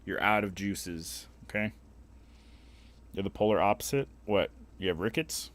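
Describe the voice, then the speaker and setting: A young man streams live, bantering with chat in a crude, profane, joking way. His voice sits on the low side. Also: unhurried.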